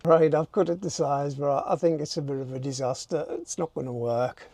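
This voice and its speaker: A man's voice: a little high, normal speed, vocal fry, warm tone, no echo. Chatty older man fixing his camper van. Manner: chatty, self-mocking, thinking aloud while working. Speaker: vlogger. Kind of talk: casual DIY vlog talk to camera. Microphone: handheld camera.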